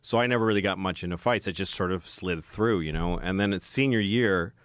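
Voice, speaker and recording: A man's voice: sits low, brisk, fairly bright tone, no echo, studio quality. A man talking as a podcast guest, rambling and self-deprecating as he tells a story in casual chat. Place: podcast studio.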